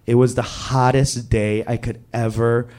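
A man in his thirties telling a candid, confessional true story on stage, animated in his retelling. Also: mid-range voice, measured pace. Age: 30s. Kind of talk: live true-story monologue.

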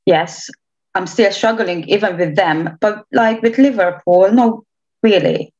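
A woman's voice: mid-range voice, measured pace, darkish tone. Chatty young woman from Romania. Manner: chatty, hesitant restarts, laughs often. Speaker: interviewee. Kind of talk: casual interview chat. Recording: slightly dull lo-fi sound.

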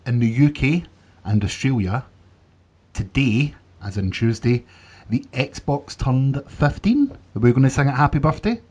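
A man's voice: mid-range voice, animated, unhurried, a little mellow, breathy edge. A man hosting a gaming podcast in casual chat, wry and teasing, steering the talk to the next news item. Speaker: podcast host.

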